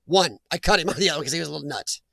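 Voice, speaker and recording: A man's voice: a little high, expressive, rapid-fire, creaky, fairly bright tone, no room sound. A man hosting a casual live chat, reading viewer names aloud and laughing often. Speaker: livestream host reading chat.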